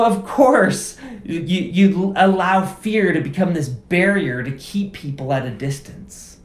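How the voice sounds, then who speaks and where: A man preaching a sermon as pastor, conversational and casual, driving points home through repeated phrases. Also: sits high. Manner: conversational, emphatic repetition. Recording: roomy echo.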